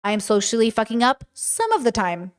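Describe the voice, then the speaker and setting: A woman in her thirties with an American accent, hosting a casual podcast monologue, animated and swearing often as she acts out her own reactions. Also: a little high, fairly quick. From United States. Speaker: podcast host.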